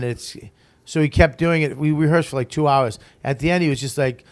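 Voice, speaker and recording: A man tells stories as a comedian guest in a relaxed interview, with plenty of swearing. He gets animated and acts out what other people said. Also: a little high, fairly quick. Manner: profane, animated storyteller who acts out quotes. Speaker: stand-up comic guest. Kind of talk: casual storytelling interview.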